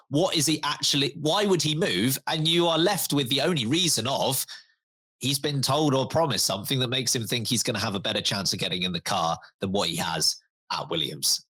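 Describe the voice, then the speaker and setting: A young man, a podcast co-host in casual chat, talking in an animated way. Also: mid-range voice. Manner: animated, laughs, puts on quoted voices.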